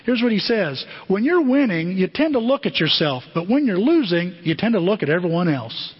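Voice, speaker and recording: A pastor with a high, husky-edged voice preaches briskly, telling animated stories and acting out the voices in them. The recording is dull and muffled, with a long hall reverb behind him.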